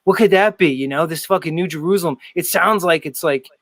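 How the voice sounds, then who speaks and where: Fast-talking Philly-accented guy, dude and bro. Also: a little high, dry recording. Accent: Philadelphia. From southern New Jersey. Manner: fast, excitable, slangy, says dude and bro. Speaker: guest. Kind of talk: casual conversation.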